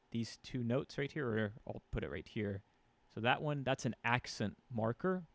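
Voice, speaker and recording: Man, drum teacher, casual lesson, counts beats aloud, mid pitch, drums heard between phrases. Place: room with a drum kit. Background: drums played between talk.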